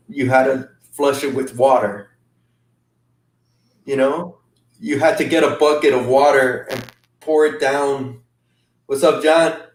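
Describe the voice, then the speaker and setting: Man telling stories in a roomy space. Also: mid-range voice. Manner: halting, restarts often, emotional recounting. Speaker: guest. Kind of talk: casual storytelling. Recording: roomy sound from a distant mic.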